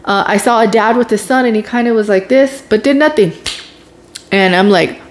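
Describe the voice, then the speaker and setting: A woman's voice: medium pitch, normal speed. A woman vlogger telling her own story in a casual, emotional way, with sighs and groans as she relives it.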